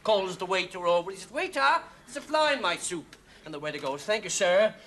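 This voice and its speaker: A man's voice: sits high, sing-song, a little fast, fairly bright tone, a little hiss or hum, heavily acted. A man playing a pushy, know-it-all restaurant diner in a 1970s TV sketch, talking over people in an overbearing, clowning way. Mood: chummy. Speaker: comic sketch performer. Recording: TV studio with audience laughter.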